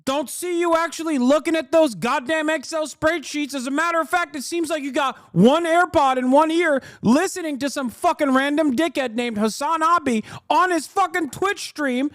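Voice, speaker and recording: A man's voice: normal speed, hardly any pauses, a bit bright, no room sound, clean studio sound. A man mimicking a snooty nitpicking customer. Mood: mocking. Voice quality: high mocking put-on voice. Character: nitpicking entitled busybody customer, adult, snooty.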